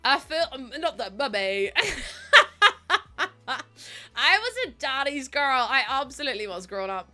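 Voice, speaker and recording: A woman's voice: high-pitched, animated, unhurried, long pauses, sharp tone. A young woman live streaming, chatty and giggly as she greets viewers, sounding sniffly and close to tears. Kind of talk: casual live-stream chat.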